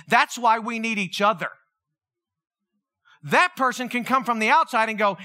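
A man preaching a conversational sermon, acting out quotes in an animated way. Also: extremely high pitch, normal speed, long pauses. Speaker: pastor.

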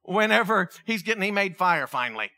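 A man preaching a sermon, animated, asking the congregation questions and acting out quotes. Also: high voice, brisk. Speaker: pastor.

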